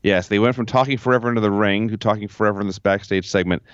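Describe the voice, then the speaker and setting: A man's voice: lowish voice, steady tone, rapid-fire, smooth, no echo, highs cut off. A man co-hosting a podcast, recapping old shows in a dry play-by-play way from home over a remote call. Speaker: podcast co-host. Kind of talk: casual recap chat.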